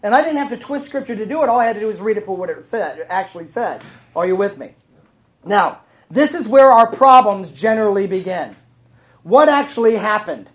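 A woman's voice: medium pitch, lively intonation, fairly quick, rough recording. Woman preacher, sermon, chatty, keeps quizzing the room. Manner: conversational, asks the room questions. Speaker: Bible teacher.

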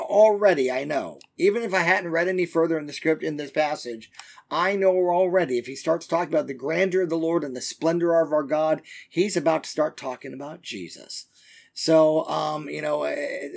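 A man teaching verse by verse through a Bible book, talking conversationally with many fillers and reading the passages slowly. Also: fairly high pitch, gravelly, darkish tone. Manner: reads scripture passages slowly and deliberately.

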